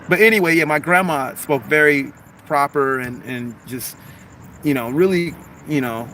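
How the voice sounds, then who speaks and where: A man with a Long Beach, Los Angeles accent rambles through a casual live stream and reads viewer comments aloud. His voice is bright and forceful and sits fairly high for a man. He talks animatedly, leaning on "like" and "man.". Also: moderate pace, a little hiss or hum. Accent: Long Beach, Los Angeles mix. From Los Angeles harbor area, USA.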